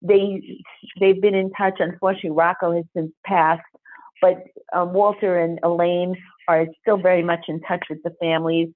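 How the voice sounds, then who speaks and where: A woman who is a podcast guest, telling a story in an animated, emphatic way. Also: on the low side, normal speed. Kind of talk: storytelling interview. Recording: phone-like narrow sound.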